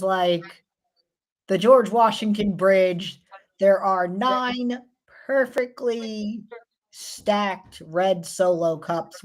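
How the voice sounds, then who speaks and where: A woman's voice: fairly low pitch, darkish tone. A woman with a New York accent, hosting a casual tarot show with wry, rambling asides. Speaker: host tarot reader. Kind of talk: casual chat.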